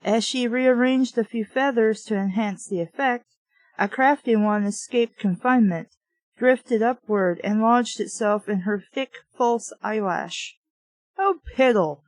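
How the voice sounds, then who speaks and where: A woman's voice: on the high side, measured pace, darkish tone, no echo, rough recording. A woman reviewer reading a novel aloud with sarcastic, profane asides. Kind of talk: mocking read-aloud of a novel.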